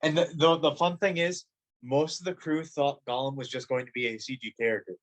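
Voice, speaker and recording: A young man chats on a podcast, keen to pass along behind-the-scenes film trivia. His voice sits at a middle pitch for a man, in an easy, conversational tone. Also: steady tone, fairly quick. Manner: enthusiastic, trivia-sharing. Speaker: podcast co-host. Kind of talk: casual podcast chat.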